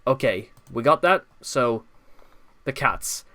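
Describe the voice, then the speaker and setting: A man's voice: mid-range voice, lively intonation, slow, pushed and bright. A man hosting an online commentary video, reading notes and breaking off in exasperated, rambling asides. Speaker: commentary channel host.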